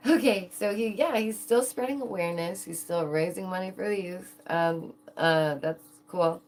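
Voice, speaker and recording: A young adult woman hosts her own channel in a casual livestream chat, talking playfully to viewers and giggling often. Her voice is lowish and her speed normal. There's a little hiss or hum.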